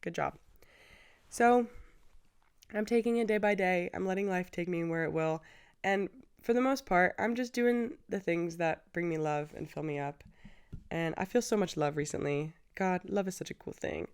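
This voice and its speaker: A young woman in her twenties talks through a casual solo podcast episode. Her voice sits a little low for a woman, and she is chatty and effusive, breaking into laughs as she goes. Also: clean tone. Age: 20s. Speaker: podcast host.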